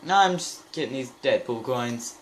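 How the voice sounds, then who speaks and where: A woman's voice: rumbling low, expressive, moderate pace, slight background noise. A woman casually commenting while playing a video game, playful and giggly. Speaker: gamer playing through the game. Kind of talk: let's-play commentary.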